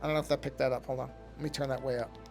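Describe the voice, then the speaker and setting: A man's voice: mid-range voice, flat delivery, rapid-fire, vocal fry, loud music behind the voice. A man chatting casually to his live-stream chat while drawing, rambling and often breaking off to fix something. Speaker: art streamer.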